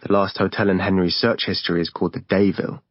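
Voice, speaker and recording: A man narrating an audiobook in a steady, plain storytelling manner. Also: low voice, quick pace, dry recording. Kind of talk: scripted narration. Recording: dull dry lo-fi recording.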